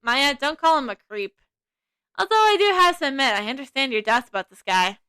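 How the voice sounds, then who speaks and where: A woman reading a calm young male lawyer. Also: high-pitched, fairly quick, no echo, heavily acted. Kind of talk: fan reading of a video game.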